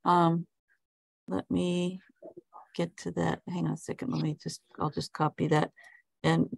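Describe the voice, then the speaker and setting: A woman co-hosting an online English class. She has a lower, gravelly voice, recorded dry and close. Her talk is halting and full of fillers. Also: flat delivery, no echo. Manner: halting, with many fillers while multitasking.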